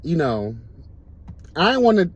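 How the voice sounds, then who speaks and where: Man, host, casual storytelling, camp, animated, laughs a lot, lively swooping pitch, slightly higher voice. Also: a little slow, husky.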